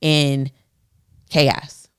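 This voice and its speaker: Woman co-host, candid and animated, laughs easily through casual chat. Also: low voice, very slow, smooth. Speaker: podcast co-host.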